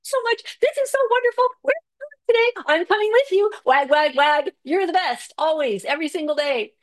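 A delighted golden retriever bubbles over with adoration in a breathless, gushing voice. It squeaks far above its speaker's usual range. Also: female voice, lively intonation, brisk, dry recording, studio quality. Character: overjoyed golden retriever dog, adoring and eager.

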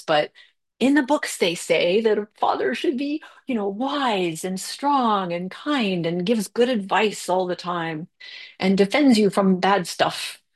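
Candid middle-aged woman sharing her story. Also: fairly low pitch. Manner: candid, conversational, many fillers, quick bursts and slow stretches. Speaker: recovery meeting speaker. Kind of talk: personal recovery share.

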